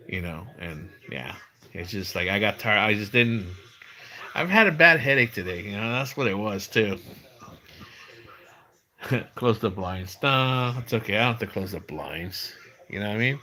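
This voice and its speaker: A man's voice: on the low side, normal speed, pushed and bright. A middle-aged man hosting his own livestream, telling stories in a loose, rambling way with many restarts. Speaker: livestream host. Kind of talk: casual livestream chat.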